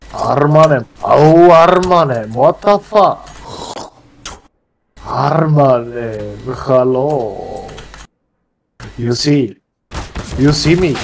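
A man's voice: mid-range voice, a little mellow. A man trolling other players over in-game voice chat, crude and boastful in broken English. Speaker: gamer trolling online players.

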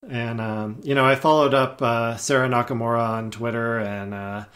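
A man's voice: mid-range voice, steady tone, normal speed, fairly bright tone. A man talking as a podcast guest in casual chat, eager and rambling, with many fillers and restarts. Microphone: podcast microphone.

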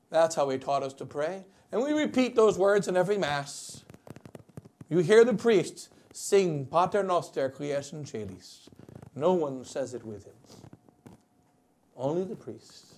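A bishop delivers a wedding sermon in a high-pitched voice. He preaches with wide swings, pushing some lines out loud and dropping others to a near hush. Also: expressive, unhurried, slight background noise. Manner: preaching with wide swings between loud emphasis and quiet asides.

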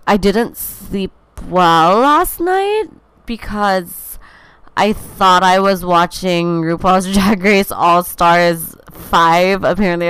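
A woman's voice: lowish voice, a bit bright, clean tone, no room sound. Tired young woman chatting. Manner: candid and scattered, with many fillers and restarts. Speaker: podcast host. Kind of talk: casual rambling podcast chat. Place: home.

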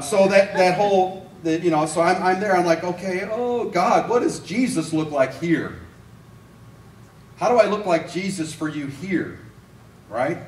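Male evangelist, slightly high voice, animated storytelling sermon, roomy church sound. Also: distant mic, slight background noise. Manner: animated storytelling with acted-out quotes. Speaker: evangelist preacher. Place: church sanctuary.

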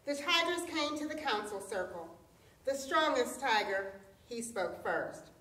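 A woman telling a folktale aloud as storyteller, expressive in delivery. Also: fairly high pitch, measured pace. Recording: roomy echo, distant mic.

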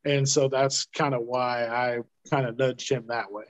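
A middle-aged man co-hosting a podcast in casual chat, relaxed and folksy with homespun sayings. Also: medium pitch, a little slow, rough recording. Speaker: podcast co-host.

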